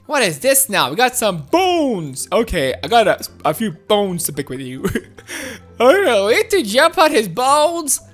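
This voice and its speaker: A woman giving excitable gameplay commentary, squealing, giggling and crying out in panic, with faint game music behind. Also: fairly high pitch, a little slow. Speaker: gaming video host.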